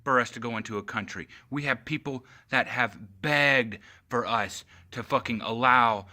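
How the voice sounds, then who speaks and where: A man vents into his phone camera with a bright, forceful voice. His talk is heated, profane and sarcastic, and it often climbs to shouting. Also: medium pitch, normal speed. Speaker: vlogger. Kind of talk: angry political rant to camera.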